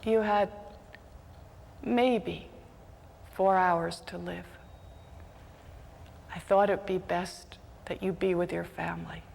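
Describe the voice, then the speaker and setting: A woman's voice: fairly low pitch, fairly even intonation, slow, vocal fry, long pauses, darkish tone, in a large hall, heavily acted. Woman doing a solemn wise old rabbi.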